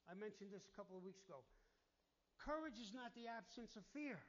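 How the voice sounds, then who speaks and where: High-voiced man preaching a sermon. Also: expressive, fast, lo-fi sound. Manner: emphatic preaching, calls for amens, acts out worried voices. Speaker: pastor.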